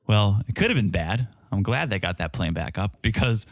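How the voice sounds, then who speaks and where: A man's voice: fairly low pitch, lively intonation, moderate pace, no echo, studio quality. A man co-hosting a podcast, recapping a reality show in casual, chatty talk and laughing often. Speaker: podcast co-host.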